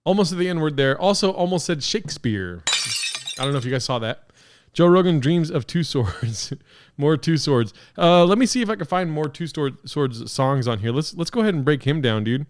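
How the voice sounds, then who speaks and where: A young man hosting a podcast, reacting to fan-made songs with excitable, profane joking. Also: fairly high pitch, normal speed, noisy background. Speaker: podcast host.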